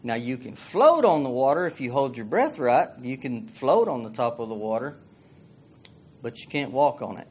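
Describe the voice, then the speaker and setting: A man preaching, folksy and conversational. He reads scripture aloud and keeps turning to the congregation with questions. His voice sits at a middle pitch. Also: sing-song, moderate pace, breathy edge. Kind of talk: sermon.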